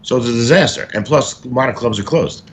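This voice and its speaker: Guesting in a relaxed interview, a stand-up comic recounts showbiz tales, animatedly performing the stories and quotes as he talks. His mid-range voice moves at a fairly quick pace.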